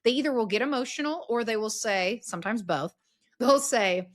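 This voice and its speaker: Woman on a podcast telling stories, earnest and expressive, does little quoted voices. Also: on the high side, moderate pace. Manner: expressive, earnest storyteller with a faith-based tone. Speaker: podcast guest, speaker and story strategist. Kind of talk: casual conversational interview.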